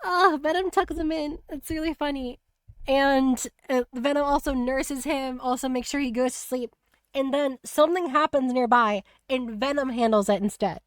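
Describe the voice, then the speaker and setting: A woman's voice: high voice, normal speed, no echo, clean studio sound. A woman hosting a stream, chatting casually about a video game and retelling scenes with many restarts. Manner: rambling, many restarts, laughs easily. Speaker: streamer host.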